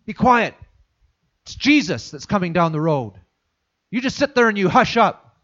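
A man voicing an impatient bystander who curtly hushes a beggar, in a dull lo-fi recording. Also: sits high, big pitch swings, moderate pace. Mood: scolding. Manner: curt, scolding.

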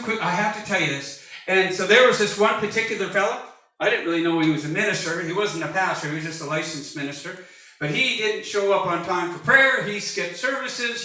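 Jokey and animated, a sixty-something pastor preaches with a high, bright, ringing voice that rises into shouts. The recording sounds distant, picked up across a reverberant church sanctuary.

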